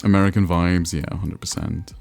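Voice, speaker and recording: A man's voice: deep voice, flat delivery, brisk, gravelly, a little mellow, soft background music. A man livestreaming, chatting casually and self-deprecatingly with his viewers as he plays a geography game. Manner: rambling, self-deprecating, answering chat messages.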